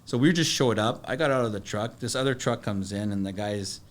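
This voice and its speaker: A middle-aged man, a podcast guest, telling stories in a halting, plain-spoken way full of fillers and restarts. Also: fairly low pitch, crowd noise. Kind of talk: casual storytelling.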